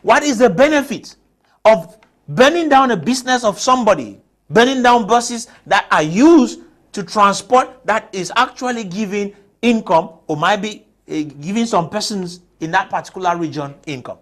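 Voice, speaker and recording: A man's voice: high voice, lively intonation, normal speed, a bit bright. A man from Cameroon, speaking as a panelist on a TV discussion and pressing his case with rhetorical questions. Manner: emphatic, argues with rhetorical questions. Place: TV studio.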